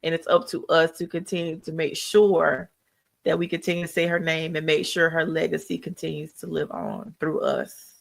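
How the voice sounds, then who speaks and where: A woman hosts a live podcast, giving a tribute talk in an earnest, encouraging, preacherly manner. Her voice is deep and gravelly with little pitch movement, and she speaks at normal speed.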